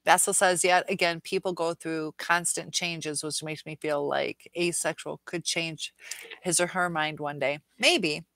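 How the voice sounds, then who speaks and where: A woman's voice: sits low, steady tone, measured pace, a bit bright, dry recording, low-quality recording. A middle-aged woman hosting a casual viewer Q&A livestream, earnest and rambling, reading comments aloud.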